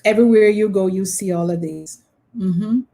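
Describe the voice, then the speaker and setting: A woman's voice: mid-range voice, normal speed, mellow. A woman hosting a live online trivia quiz, patiently repeating her questions and prompting viewers. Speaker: quiz host.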